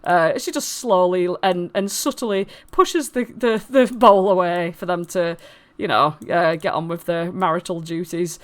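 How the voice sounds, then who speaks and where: A woman narrating as game master in a tabletop game, lively and giggly, with lots of fillers. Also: fairly low pitch, a little slow.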